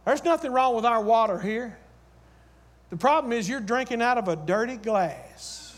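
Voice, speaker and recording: A polite, matter-of-fact male waiter, as a preacher voices him. He answers calmly and speaks quietly. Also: very high voice, normal speed.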